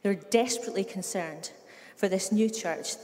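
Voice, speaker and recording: Warm in tone and mid-range in pitch, the middle-aged Scottish pastor talks at normal speed through a conversational sermon. She spins humorous stories and asides like a chatty storyteller, with the long reverb of a large room behind her.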